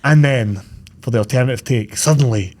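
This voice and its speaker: A man's voice: medium pitch, a little fast, a little mellow. A man co-hosting a casual film podcast, telling stories with energy and acting out quoted lines in a studio. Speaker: podcast co-host. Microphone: studio podcast mic.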